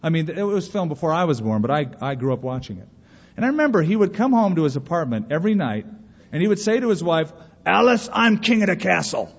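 Man, pastor's sermon, slightly high voice, earnest rhetorical questions, dull lo-fi sound. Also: sing-song, fast, darkish tone. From California. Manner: earnest preaching with rhetorical questions and story asides. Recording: reverberant hall, dull lo-fi sound.

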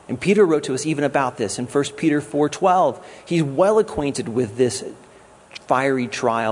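A man's voice: medium pitch, expressive, normal speed, a little hiss or hum. A man giving a sermon as a guest pastor, in a conversational way with jokes. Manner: conversational preaching with jokes and acted quotes.

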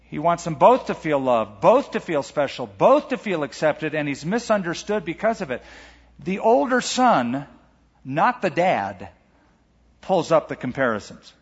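Man preaching with earnest emphasis, husky and slightly high, echoing church auditorium. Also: big pitch swings, a little slow. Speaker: pastor. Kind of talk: sermon. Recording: echoey hall, dull lo-fi sound.

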